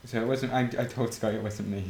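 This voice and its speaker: A man's voice: on the low side, steady tone, a little fast, a little mellow. A man chatting while playing a game, teasing and mock-scolding his friend. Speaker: gamer. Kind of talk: casual gaming chat. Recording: roomy home mic with faint noise.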